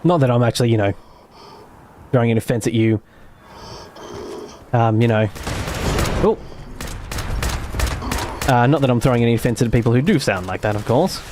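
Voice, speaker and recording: A man's voice: medium pitch, normal speed, long pauses, darkish tone, slight background noise. An Australian man commentating live gameplay and chatting with viewers, rambling and self-deprecating, with casual swearing and many fillers. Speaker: game streamer.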